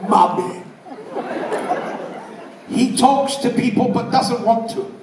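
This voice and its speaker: Performing stand-up in a casino show room, a man from England delivers loud, punchy one-liners to a live crowd. His voice is high but flat and unhurried, captured by a far-off mic in a spacious hall with audience noise and laughter in the background.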